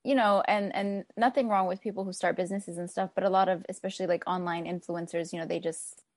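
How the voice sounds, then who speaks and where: A woman hosting an interview, chatty and quick to laugh while asking her guest questions. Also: fairly low pitch, fairly even intonation, no echo, studio quality. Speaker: interview host. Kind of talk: casual interview.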